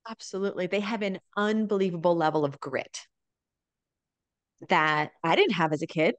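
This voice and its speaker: Normal speed, a lowish voice, and no echo mark this clip of a woman in her thirties. As a guest in a casual interview, the mother of four who lives abroad tells family stories in an animated way, often asking "right?".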